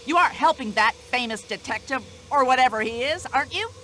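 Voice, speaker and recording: An actress voicing a brash, nosy older American widow in a video game, speaking in an indignant, chatty American accent. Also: female voice, sits high, expressive, brisk, a bit bright, a little hiss or hum.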